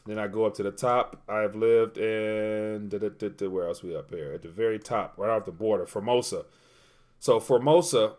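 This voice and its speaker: A man hosting a casual livestream, reading viewer comments aloud and rambling while he looks things up. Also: on the low side. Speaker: livestream host.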